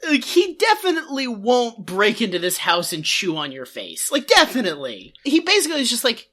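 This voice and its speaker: A woman's voice: a little high, very animated, a little fast, a bit bright. A woman co-hosting a comedy podcast, rambling sarcastically with lots of filler words. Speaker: podcast co-host. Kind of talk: casual comedy podcast chat.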